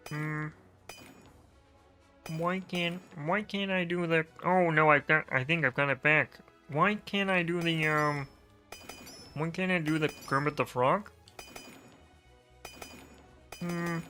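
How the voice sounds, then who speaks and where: A man voicing Kermit the Frog, a gentle male puppet frog, humming and halting before he speaks. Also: fairly high pitch, faint music behind, pitched above the performer's own voice. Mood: wistful.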